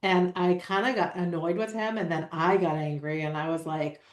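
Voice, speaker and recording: A woman's voice: on the low side, level tone, normal speed, roomy sound. A woman hosting a podcast, talking in a reflective, conversational way. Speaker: podcast host.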